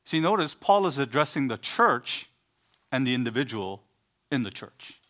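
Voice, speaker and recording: A man's voice: mid-range voice, very animated, moderate pace, fairly bright tone. A man preaching an earnest sermon, explaining scripture with emphatic rising bursts and occasional stumbles. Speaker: pastor.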